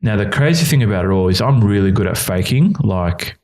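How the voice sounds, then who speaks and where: A very deep-voiced man in his thirties shares his own hard times as an interview guest. He talks earnestly and openly, with feeling behind it. He often slips into the voices of the people in his story. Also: quick pace, hardly any pauses. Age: 30s. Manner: earnest, emotional, quotes others in his stories. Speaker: youth worker and guest. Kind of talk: candid personal storytelling.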